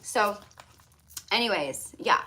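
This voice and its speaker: A woman's voice: medium pitch, expressive, slow pace, bright, forceful tone, low-quality recording. Chatty woman reading tarot live. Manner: chatty, affectionate, calls viewers love and hon. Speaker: tarot reader.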